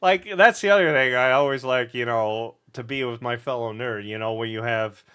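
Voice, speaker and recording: A man's voice: mid-range voice, normal speed, a bit bright, clear, resonant tone, no echo. A man co-hosting a podcast in casual chat, laid-back and chatty with plenty of fillers. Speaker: podcast co-host.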